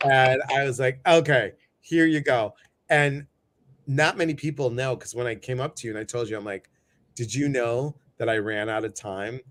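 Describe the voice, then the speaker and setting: A middle-aged man hosting a live stream, greeting viewers by name in a playful, jokey way, often jumping his voice up high. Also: normal speed, fairly bright tone, a little hiss or hum. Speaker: host of a live show.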